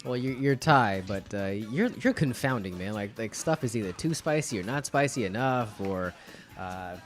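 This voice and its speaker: A man co-hosting a podcast in a casual snack-tasting chat, wry and teasing, with a halting delivery full of fillers. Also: on the low side, expressive, faint music behind. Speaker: podcast co-host.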